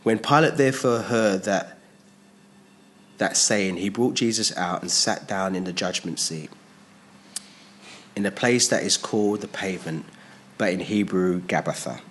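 A man teaching an expository sermon on a Bible passage. He voices the speakers in the text and rises and drops sharply in pitch and volume. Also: normal speed, pauses often, a bit bright, slight background noise. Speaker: preacher.

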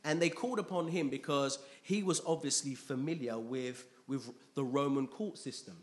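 A man's voice: mid-range voice, moderate pace. A man preaching a conversational sermon in a church, reading scripture aloud and often checking in with his congregation.

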